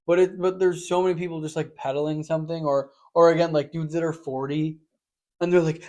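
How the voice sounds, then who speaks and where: A young man co-hosting a podcast in casual chat, rambling and animated, acting out quotes in loud voices. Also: a little high, a little fast. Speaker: podcast co-host.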